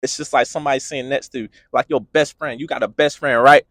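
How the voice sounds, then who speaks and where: Man, motivational faith talk, earnest, repetitive build-ups, mid pitch, dry close sound. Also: steady tone, quick pace, fairly bright tone, no echo. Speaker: motivational podcast host.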